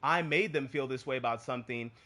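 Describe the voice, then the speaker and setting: A man's voice: mid-range voice, fairly quick, pushed and bright. Man, mid-range voice, casual live-stream co-host, earnest and repetitive. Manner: earnest, repeats points for emphasis. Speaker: podcast co-host. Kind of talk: casual opinion talk.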